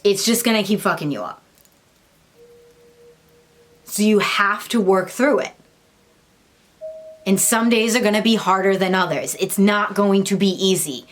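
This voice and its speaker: A young woman talks straight to her viewers about spiritual growth in a relaxed vlog manner. She is blunt and swears freely, her voice sitting in an ordinary middle range. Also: medium pitch, unhurried, pauses often. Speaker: spiritual vlogger. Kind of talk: casual spiritual talk to camera.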